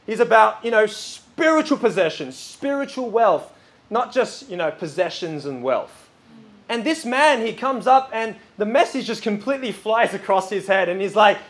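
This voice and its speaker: Animated, high-voiced male preacher. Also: normal speed. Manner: lively and chatty, with many fillers. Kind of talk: sermon.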